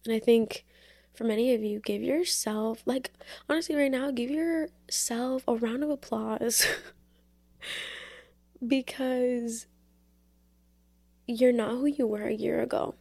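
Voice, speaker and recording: A young woman chats earnestly on her faith podcast, full of fillers and asides. Her voice sits a touch high with a gravelly fry. The recording is close and dry. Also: slow pace, long pauses, warm tone, no room sound. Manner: chatty, lots of fillers, earnest. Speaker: podcast host. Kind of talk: casual faith talk.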